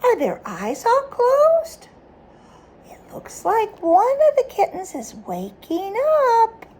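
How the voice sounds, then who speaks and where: A woman's voice: extremely high pitch, takes it slowly. A woman reading a picture book aloud to a child, stopping often to ask questions about the pictures. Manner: animated, asks the child questions.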